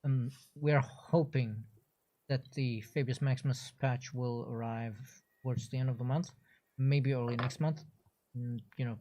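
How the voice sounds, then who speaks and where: A man's voice: mid-range voice, warm tone. A man who is a game developer, chatting casually on a livestream and explaining things at length with frequent restarts. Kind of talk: casual gameplay chat.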